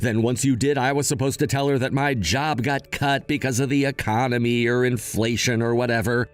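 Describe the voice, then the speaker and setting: A young man, scheming and whiny, voicing a freeloading brother in an animated story. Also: medium pitch, brisk.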